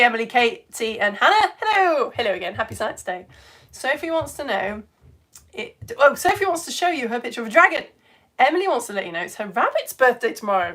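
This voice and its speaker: A woman's voice: on the high side, a bit bright. A British woman hosting a live children's science show, cheerfully reading out viewers' comments in a bubbly, exclamatory, chatty way.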